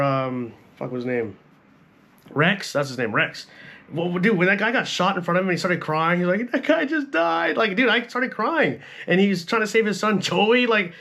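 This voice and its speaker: A fairly high-voiced young man riffs through a film review in loose, unscripted speech, sprinkling in swearing and constant "like"s. His tone stays blunt and conversational, the way a channel host talks straight to his viewers. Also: fairly bright tone. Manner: profane, blunt, repeats "like" and "bro". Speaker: movie reviewer. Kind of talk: casual film review rant.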